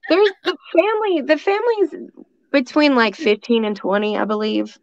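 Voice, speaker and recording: A woman's voice: high voice, normal speed, no room sound. A woman, a psychic medium, chatting casually in a rambling, laughing way. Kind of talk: casual chat. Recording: dull lo-fi dry sound.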